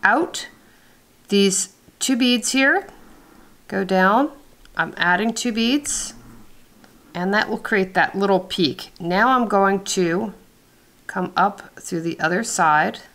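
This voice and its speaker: A woman calmly explaining beadwork step by step as host of a craft tutorial, recorded indoors at her workspace on the camera mic. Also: mid-range voice, slow. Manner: calm, instructive, methodical.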